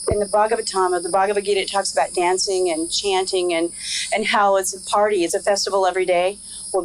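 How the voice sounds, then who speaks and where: A woman's voice: mid-range voice, rough recording. Frank middle-aged woman telling her story. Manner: frank, earthy, laughs while telling. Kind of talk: candid personal testimony.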